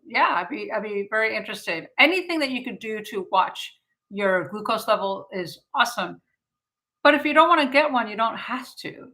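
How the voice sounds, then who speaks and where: A naturopathic doctor in her fifties hosts a casual live-stream health chat, her voice bright, forceful and mid-pitched. She is chatty and animated, full of fillers, often acting out her own thoughts as quoted self-talk. The audio is poor.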